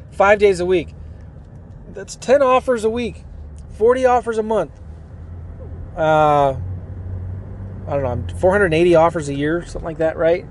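A middle-aged man gives a casual, energetic podcast pep talk from his parked car, with a somewhat high voice. He rambles, restarts his sentences and pushes hard on his points. Faint car and street sounds hum behind him. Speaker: podcast host and coach. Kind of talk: casual motivational podcast monologue.

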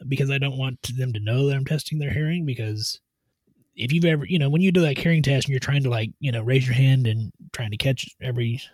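A man who gives medical exams, explaining his routine step by step in a steady, methodical way on a podcast. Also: medium pitch, fast, no room sound. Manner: steady, methodical, tries to stay on task. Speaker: medical provider doing truck-driver physicals.

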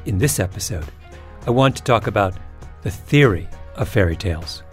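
A man's voice: lowish voice, animated, normal speed, faint music behind. A man hosting a podcast, delivering scripted storytelling narration in a wry, dramatic way. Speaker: podcast host.

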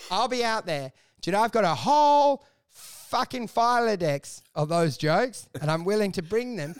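A man's voice: sits high, unhurried, clean tone. A man co-hosting a podcast in casual comedic banter, riffing and acting out mock conversations with lots of swearing. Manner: animated riffing, acts out mock dialogue, swears. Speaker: podcast co-host.

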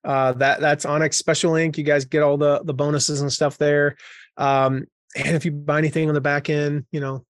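A man speaking as an author guest on a podcast, relaxed and chatty, chuckling and using lots of fillers. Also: on the high side, moderate pace, no room sound, clean studio sound. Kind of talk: casual conversational interview.

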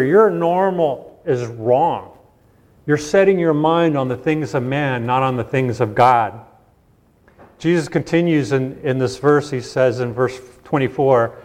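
A man preaching a sermon in a conversational way, asking rhetorical questions and often restarting his sentences. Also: medium pitch. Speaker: pastor.

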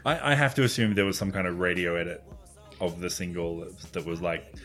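A man co-hosting a casual album discussion, animated and thinking aloud as he tells a song's story. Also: low-pitched, fairly quick, soft background music. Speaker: podcast co-host.

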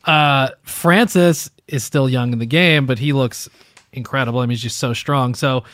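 A man's voice: medium pitch, moderate pace, fairly bright tone, no echo. A man filling in as podcast co-host, chatting easily and agreeably, thinking aloud. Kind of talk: casual podcast chat.

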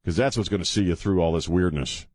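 A radio host delivers a casual talk radio monologue in a low, slightly mellow voice, talking fast. He rambles, makes self-deprecating remarks, and turns earnest about faith. It's studio-quality audio from a studio mic with headphones, with no echo.

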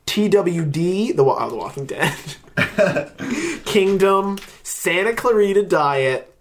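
A man's voice: high voice, very animated, slow, background noise. A man hosting a casual podcast chat, joking, teasing and rambling through lists. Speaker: podcast host.

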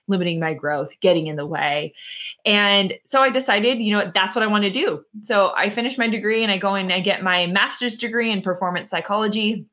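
Telling a personal story as a podcast guest, a mental conditioning coach in her thirties sounds lively and uses plenty of filler words. She speaks in a mid-range voice.

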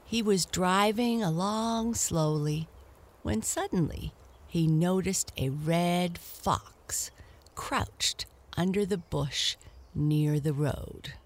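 A woman reading a children's story aloud in an expressive, animated way. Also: fairly low pitch, slow pace.

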